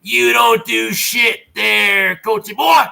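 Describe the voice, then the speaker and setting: Loud mocking man ranting, high voice. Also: steady tone, takes it slowly, creaky. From northern New Jersey. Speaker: vlogger. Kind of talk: ranting monologue.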